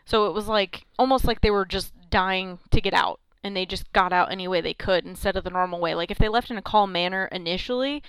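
A woman's voice: medium pitch, a little fast, few pauses, fairly bright tone, smooth, dry recording. A woman co-hosting a podcast, telling a story in casual chat, rambling with many "um" and "like". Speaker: podcast co-host.

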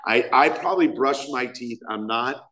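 A man in his thirties stands at a podium microphone in a meeting hall, sharing his personal story at a recovery meeting. He talks at a moderate pace in a sharp, mid-range voice, wandering and poking fun at himself with plenty of filler words.

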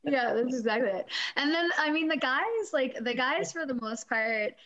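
A woman's voice: sits high, normal speed, dull audio. A woman who worked as a corrections officer and is a mother, telling stories casually and acting out the voices she quotes. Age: adult parent. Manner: animated storyteller, acts out quoted voices. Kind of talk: casual conversation.

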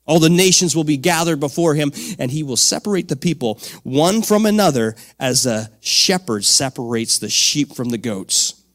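A man preaching a sermon to men in a conversational way, swinging from quiet reflection to loud, energetic shouts. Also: a little high, moderate pace. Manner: dynamic, swings from soft to shouting; conversational, with fillers and "come on".

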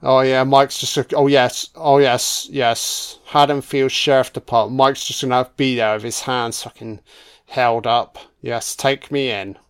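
A man's voice: mid-range voice, little pitch movement, a little slow, clean tone. A man giving casual, crude commentary on a horror film, sarcastic and swearing nonstop as he mocks the characters.

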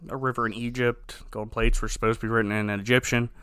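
A man hosting a podcast in casual chat, animated and incredulous, laughing often. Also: mid-range voice, fast, clear, resonant tone, no echo, studio quality. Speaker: podcast host.

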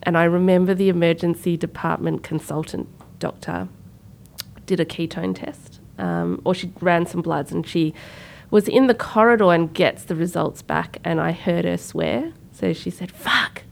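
A woman's voice: fairly low pitch, normal speed, gravelly. A woman, co-hosting a podcast and telling a personal story in casual talk, acting out the voices of people she quotes. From Sri Lanka. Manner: animated, acts out quoted voices. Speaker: podcast co-host.

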